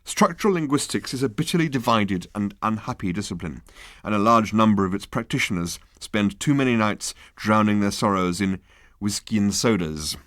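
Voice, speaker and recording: A man reading an audiobook aloud with wry, deadpan humor. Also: lowish voice, moderate pace, no room sound, studio quality. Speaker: audiobook narrator. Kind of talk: scripted narration.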